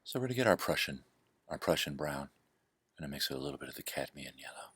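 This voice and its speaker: A man impersonating a soft-spoken, gentle male TV painter, talking slow and hushed into a laptop mic at home. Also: a bass voice, very animated, breathy edge, no room sound, pitched below the performer's own voice, full character voice. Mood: soothing. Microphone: laptop microphone, leaning in close.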